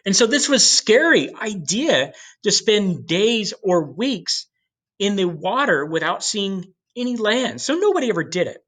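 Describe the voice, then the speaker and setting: A man giving a history lecture in an animated storytelling way, with casual asides to the class. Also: high-pitched, measured pace. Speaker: history teacher.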